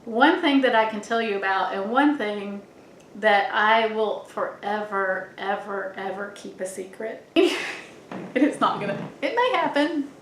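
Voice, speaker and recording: A woman's voice: fairly high pitch, expressive, measured pace, slight background noise. Musing middle-aged woman in an echoey room. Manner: meandering, musing, often restarts and trails off. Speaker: vlogger. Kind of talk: rambling reflective monologue.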